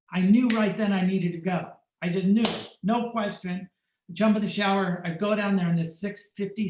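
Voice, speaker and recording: A man, a photographer on a podcast, telling a personal story and acting out the dialogue in lively shifting tones. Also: high-pitched, roomy sound, poor audio. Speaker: podcast guest, fashion photographer.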